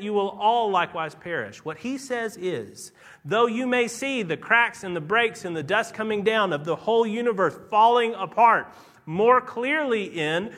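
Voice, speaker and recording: Male pastor, high lively voice, bright and forceful, preaching with dramatic emphasis. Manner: emphatic, dramatic swings in pace and loudness. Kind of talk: sermon.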